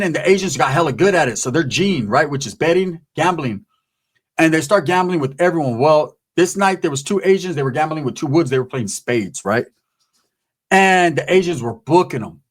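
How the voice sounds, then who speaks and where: A man with a slightly raised pitch spins a long, rambling story in loose street talk, heavy with swearing. He keeps turning to the listener and slips into the voices of the people he is describing. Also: animated, brisk, breathy edge. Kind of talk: casual profane storytelling.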